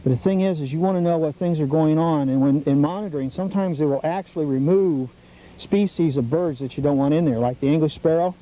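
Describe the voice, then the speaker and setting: A man's voice: a little high, fast talker. A middle-aged man hosting an outdoor nature show, coaching a group of scouts in a teacherly, enthusiastic way, recorded outdoors. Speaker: TV host leading scouts on a nature walk. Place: outdoors at a birdhouse trail. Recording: dull 1990s public access TV audio with faint noise.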